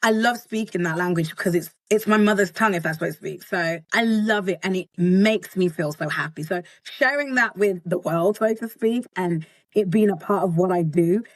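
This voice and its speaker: A woman's voice: fairly low pitch, normal speed, dry recording. A woman from Britain, a content creator chatting as an interview guest in a bubbly, boisterous way. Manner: bubbly, boisterous, laughs often. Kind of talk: casual interview chat.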